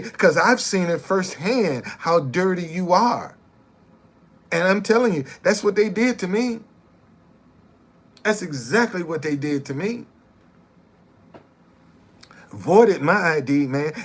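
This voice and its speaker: A middle-aged man, a former bus driver, telling his story in casual, emphatic talk and repeating his points. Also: high voice.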